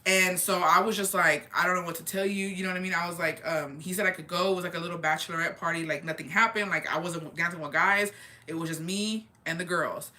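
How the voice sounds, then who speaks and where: A young woman casually and candidly retelling a family story, animated, with lots of "like" and quoted dialogue. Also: lowish voice, fast talker, slight background noise. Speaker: storyteller on a chat show. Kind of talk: casual chat.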